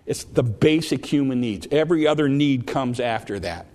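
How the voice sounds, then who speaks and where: A male preacher delivering a sermon in a plain, mid-pitched voice. He talks to the congregation conversationally, stumbling and restarting often. He slows down and drops his voice on the key scripture lines. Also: lively intonation, a little mellow.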